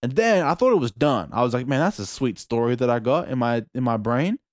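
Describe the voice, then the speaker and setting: A young man with an Australian accent telling a story in a casual chat, animated and swearing freely. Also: medium pitch, fairly quick, no room sound, studio quality.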